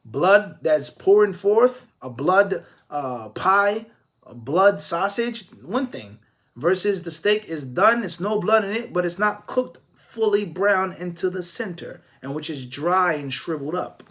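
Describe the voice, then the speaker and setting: A man with a fairly high voice answers viewers' religious questions in a live Q&A. He explains step by step and drops in Arabic phrases. When he makes a point he presses it with one rhetorical question after another. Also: lively intonation, a little slow, fairly bright tone. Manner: emphatic, stacking rhetorical questions.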